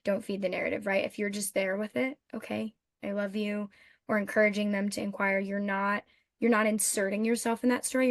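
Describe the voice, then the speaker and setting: Female podcast co-host, mid pitch, affirming and reflective, dry close mic. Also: no echo. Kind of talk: podcast conversation.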